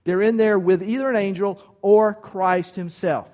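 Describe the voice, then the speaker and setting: A man preaches with a fairly high voice, talking to his listeners in an emphatic, conversational way. His words trail off into a long reverb, as in a large hall. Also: steady tone, moderate pace, a little mellow. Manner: emphatic, conversational, asks "right?". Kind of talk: sermon.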